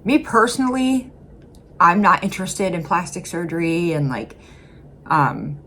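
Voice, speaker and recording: Midwest woman reacting to a video, low voice, rambly, lots of "like" and "um", faint hiss behind. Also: a little slow, a bit bright. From Midwest United States. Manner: rambling, heavy with "like" and "um". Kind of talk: casual commentary.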